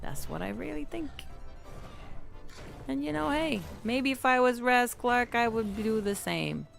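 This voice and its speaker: A woman's voice: on the high side, animated, measured pace, gravelly, fairly bright tone, faint music behind. A woman streaming a game, rambling playfully and chatting with her viewers. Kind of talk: live game stream chat.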